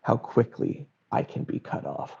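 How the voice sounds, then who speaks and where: Man, young adult, blunt and wry, mellow tone, muffled audio. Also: measured pace. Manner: wry, blunt, acts out family quotes. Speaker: guest sharing his story. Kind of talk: candid personal storytelling. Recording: dull lo-fi audio.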